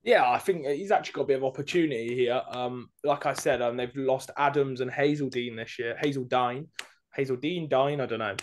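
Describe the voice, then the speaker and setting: A man co-hosting a sports podcast, talking casually and hesitantly with many pauses and fillers. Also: mid-range voice, a little hiss or hum. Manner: hesitant, lots of ums, thinks aloud. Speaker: podcast co-host.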